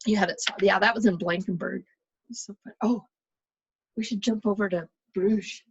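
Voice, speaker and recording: A woman's voice: mid-range voice, steady tone, normal speed, slightly rough, no echo, muffled recording. A middle-aged American woman in a casual, nostalgic chat while touring old places on a map. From United States. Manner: chatty, nostalgic, talks over a map tour. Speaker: vlogger.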